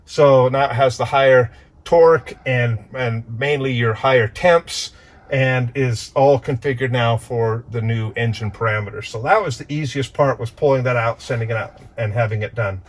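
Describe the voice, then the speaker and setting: A man talking earnestly to camera as the owner and pilot of a plane under maintenance, animated and full of restarts. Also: medium pitch, normal speed. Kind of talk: casual walkthrough vlog.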